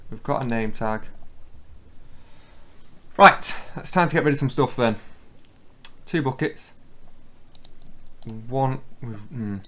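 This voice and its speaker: A man's voice: medium pitch, slow pace, long pauses, fairly bright tone. A man giving casual, chatty gameplay commentary, thinking aloud as he plays. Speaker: gaming channel host.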